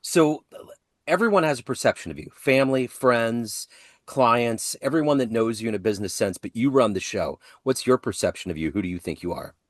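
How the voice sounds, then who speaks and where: A man's voice: mid-range voice, animated, brisk, no echo, studio quality. A man hosting an interview who asks long, playful questions in a casual way. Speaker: interview host.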